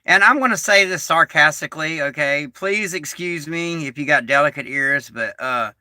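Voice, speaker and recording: A man's voice: on the high side, moderate pace, hardly any pauses, sharp tone, dry recording, clean studio sound. A middle-aged man hosting a casual livestream, folksy and rambling, still recovering from an illness. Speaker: livestream host.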